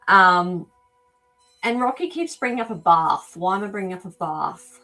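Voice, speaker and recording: A woman with a slightly low voice hosts a live animal communication stream. She talks casually and feels her way toward words, filling pauses with frequent ums as she reacts to viewers' comments. Faint music plays underneath. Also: animated, a bit bright.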